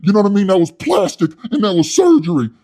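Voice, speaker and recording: A man doing a loud, boastful inmate. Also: sits high, sing-song, fast talker, pitched above the performer's own voice. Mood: yelling boastfully. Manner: yelling, bragging. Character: loud hot-headed boastful male prison inmate.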